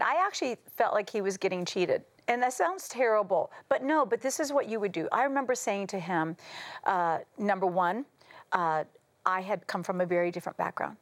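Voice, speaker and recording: A middle-aged American woman, a talk show guest, telling stories with lively quoted voices and frequent laughter. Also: medium pitch. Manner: animated, acts out quotes, laughs often. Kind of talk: casual talk show storytelling.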